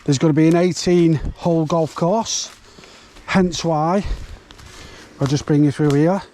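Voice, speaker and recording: A man talks casually to his camera while walking outdoors. His voice sits fairly high but sounds mellow and soft-edged, and he rambles with plenty of ums and restarts. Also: steady tone, measured pace, slight background noise. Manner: rambling, chatty, many fillers. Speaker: urban explorer vlogger. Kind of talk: casual vlog chat. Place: outdoors on derelict grounds.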